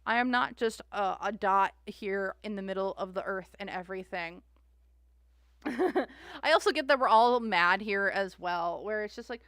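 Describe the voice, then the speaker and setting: Woman, rambling livestream host, smooth clear tone, dry close sound. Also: mid-range voice, a bit bright, no room sound. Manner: chatty, rambling, restarts words. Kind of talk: casual livestream chat.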